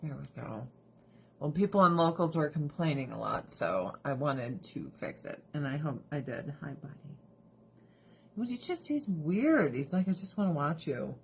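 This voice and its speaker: A woman's voice: low voice, big pitch swings, unhurried, creaky, a little hiss or hum. A woman ranting bluntly and swearing on a casual livestream while doing her skincare, breaking into laughs between remarks. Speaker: livestream host.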